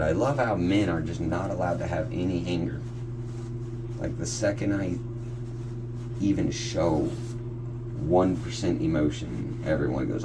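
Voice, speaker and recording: A man's voice: low-pitched, noisy background. A young man rambling defensively in a long monologue, recorded on his own phone. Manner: defensive, rambling, getting louder. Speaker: son recording a garage sale dispute. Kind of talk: ranting monologue to camera. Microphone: phone recording himself.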